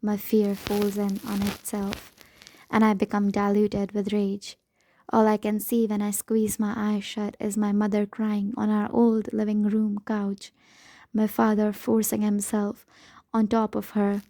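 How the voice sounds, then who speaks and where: A woman's voice: mid-range voice, completely flat delivery, measured pace, mellow, dry recording. A woman reading a novel aloud in first person, with a dramatic, emotional delivery. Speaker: audiobook narrator. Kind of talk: first-person audiobook narration.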